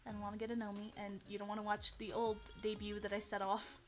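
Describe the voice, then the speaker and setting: A young woman streaming casually, excitable and giggly, with lots of fillers and restarts. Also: mid-range voice, fast, faint music behind. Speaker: VTuber streamer. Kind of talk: casual livestream chat.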